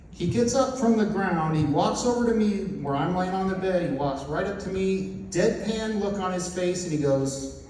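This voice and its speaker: A man telling a story as a preacher, acting out the voices of the people in it. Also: high-pitched. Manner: animated storyteller acting out dialogue. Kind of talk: storytelling sermon. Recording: echoey hall from far off, noisy.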